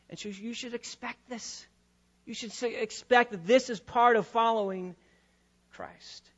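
A male pastor preaching a sermon, dropping to quiet, quick asides and rising to loud, drawn-out emphasis. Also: sits high, highs cut off.

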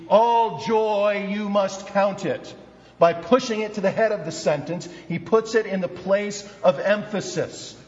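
Older man preaching in a hall. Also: fairly high pitch. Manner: earnest, emphatic, slows to stress key words. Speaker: pastor. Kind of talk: sermon. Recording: muffled, reverberant hall.

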